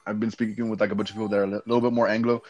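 A man's voice: on the low side, level tone, very fast, darkish tone, soft background music. A young man from Texas with a Mexican-American accent, rambling in casual chat, saying dude a lot and swearing freely.

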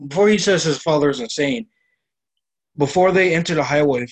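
Halting man correcting plot details. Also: on the high side. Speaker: podcast co-host. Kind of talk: casual chat recapping an anime.

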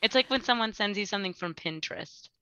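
A woman's voice: mid-range voice, lively intonation, quick pace, bright, forceful tone, clean tone, dry recording, lo-fi sound. A woman guest on a podcast, chatting casually and rambling with lots of "like". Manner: rambling, full of "like". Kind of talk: casual chat.

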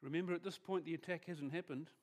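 A man preaching a conversational sermon as pastor, often restarting phrases and trailing off softer at the end of thoughts. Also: a little high, steady tone, fast.

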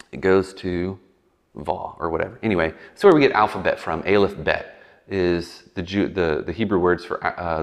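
A man preaching a casual sermon in a conversational way, acting out quick voices and animated asides. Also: fairly low pitch. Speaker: pastor. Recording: long hall reverb.

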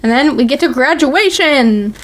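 A woman podcast co-host recaps a TV episode in casual chat, full of "like" and "um" and giggling easily. Her voice is high-pitched and animated at a normal speed.

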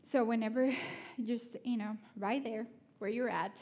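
A woman preaches at an unhurried pace in a slightly husky voice. She tells personal stories with animated, self-mocking energy and drops to soft, prayerful asides. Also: a little high. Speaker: speaker at a church.

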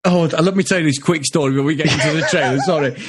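A man's voice: a little high, rapid-fire, husky. A man co-hosting a podcast, telling a funny story with lots of swearing and laughter. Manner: animated anecdote, heavy swearing, laughing. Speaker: podcast co-host. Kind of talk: casual chat.

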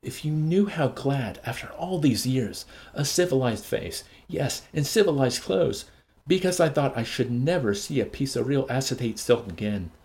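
A man reading as a weepy, stout older woman, spilling out a rambling torrent of words. Her voice rises and falls in a lively, sing-song sweep as she gushes on through her tears. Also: low voice, a little fast. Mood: tearful gushing. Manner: tearful, rambling, gushing.

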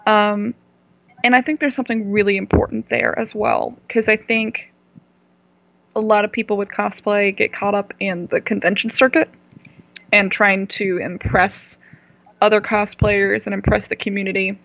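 Woman guest, fry in the voice, candid storyteller who pauses for words; dry, muffled podcast sound. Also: mid-range voice, flat delivery, fairly bright tone, no echo. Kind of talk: casual interview chat. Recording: dull dry podcast audio.

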